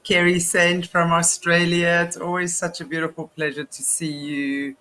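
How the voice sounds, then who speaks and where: A man's voice: a little high, little pitch movement, normal speed, sharp tone. An older man hosting a casual online chat show, chatty and joking, laughing easily. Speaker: host.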